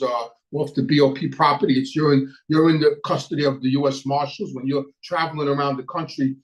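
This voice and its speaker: Animated middle-aged man telling a story. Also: on the high side, rough recording. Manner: animated retelling, acts out dialogue, frequent restarts. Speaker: podcast host telling a story. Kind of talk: casual storytelling.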